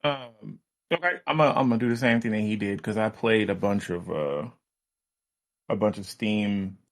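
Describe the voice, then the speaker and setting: A congested man co-hosting a gaming podcast, rambling in a laid-back way with lots of pauses. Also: lowish voice. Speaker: podcast co-host. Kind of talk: casual gaming chat.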